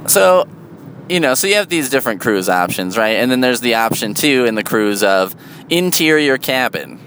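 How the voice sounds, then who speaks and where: A man in a casual, rambling monologue, sardonic and full of swearing, jumping into a high, loud voice for emphasis. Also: very animated, moderate pace, a little hiss or hum.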